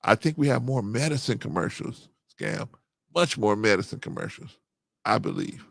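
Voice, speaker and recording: A middle-aged man, hosting a casual livestream, reading chat and getting animated as he agrees. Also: normal speed, creaky, no room sound, studio quality. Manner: animated, rising to excited high pitch when agreeing. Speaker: host.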